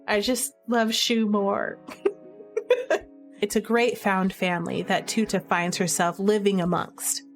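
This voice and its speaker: A woman's voice: medium pitch, fairly even intonation, measured pace, faint music behind. A woman chatting casually as a game reviewer, gushing and giggly with lots of fillers. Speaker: video creator reviewing games. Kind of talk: enthusiastic casual commentary.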